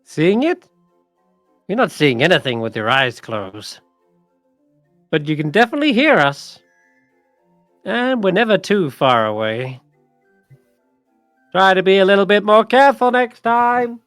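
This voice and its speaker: Fussy old goblin, scolding and cryptic, slightly high and dry, as a man puts him on. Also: sing-song, unhurried, long pauses, a bit bright, no room sound, soft background music, exaggerated voice.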